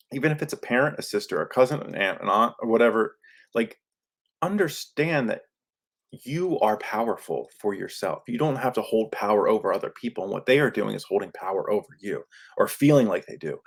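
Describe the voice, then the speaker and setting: A man with a somewhat low voice hosts his own podcast and talks straight into a studio microphone. He coaches his listeners in an earnest, casual way, full of fillers and plain talk. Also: gravelly. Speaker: podcast host.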